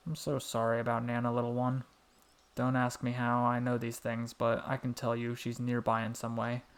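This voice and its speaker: A man voicing a small, gentle and wise male frog who speaks softly and protectively. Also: mid-range voice, monotone, normal speed, clear, resonant tone, natural voice. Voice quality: soft little voice. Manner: warm, fatherly, calls the boy "little one".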